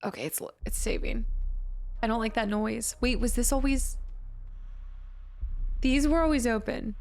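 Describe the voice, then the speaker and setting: A woman's voice: a little high, a little slow. A woman streaming a horror game live, chatting with viewers and reading on-screen text aloud as she plays.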